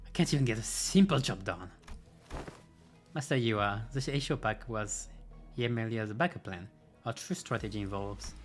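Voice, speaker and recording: A man's voice: on the low side, moderate pace, faint music behind. Man reading game dialogue with sarcastic asides. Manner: dry, sarcastic asides between read lines. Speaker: game streamer. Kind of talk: reading a game's story aloud with asides.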